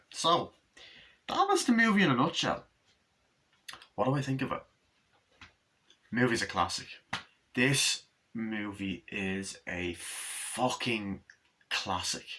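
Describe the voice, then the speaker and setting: A man's voice: medium pitch, bright, forceful tone. Young man rambling through a movie review. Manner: rambling, profane, filler-heavy. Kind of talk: casual movie review vlog.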